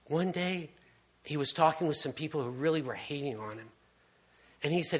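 Husky-voiced man preaching casually. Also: on the high side, expressive, moderate pace. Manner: casual, storytelling delivery with frequent restarts and dropped-to-hushed emphasis. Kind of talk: conversational sermon.

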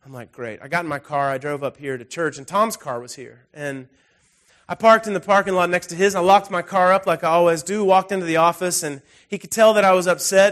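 Man, pastor, high-pitched, conversational sermon, storytelling, restarts. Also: a bit bright. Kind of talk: sermon with personal stories.

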